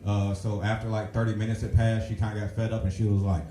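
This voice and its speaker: Halting man emceeing a comedy night. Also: on the low side. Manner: halting, many uh fillers, then loud and excited. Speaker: comedy show host and comedian. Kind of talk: stand-up comedy and emcee introductions. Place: comedy club stage, live audience. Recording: echoey room.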